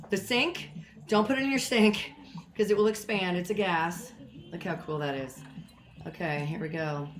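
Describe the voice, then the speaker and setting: Chatty woman hosting a cocktail stream at home. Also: background noise. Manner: chatty, rambling, self-deprecating. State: a little out of breath. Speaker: home cocktail show host. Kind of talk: casual live-stream chat. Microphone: built-in mic, not her usual one. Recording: echoey room, lower audio quality.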